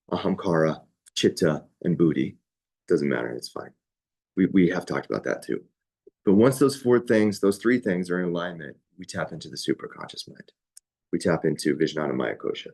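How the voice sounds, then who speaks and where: Young man, yoga teacher, low-pitched voice, casual chatty teaching, frequent asides. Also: a little mellow. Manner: casual, conversational, with many asides and "right?". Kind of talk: teaching a yoga training class.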